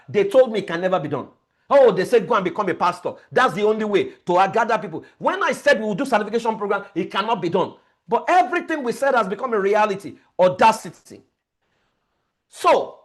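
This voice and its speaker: A man's voice: sits high, fairly bright tone. A man, a family life coach giving an emphatic motivational training lecture, repeating key words as he tells stories.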